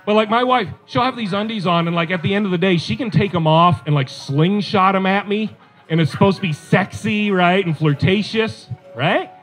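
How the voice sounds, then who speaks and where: A man's voice: high-pitched, moderate pace, a bit bright, soft background music. A middle-aged man performing a stand-up comedy set, conversational and self-deprecating, with chatty asides to the crowd.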